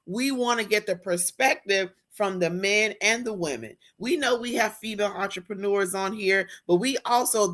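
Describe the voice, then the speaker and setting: A woman hosting a live-stream talk show, effusive and excitable, with a churchy way of talking. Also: on the high side. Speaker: host.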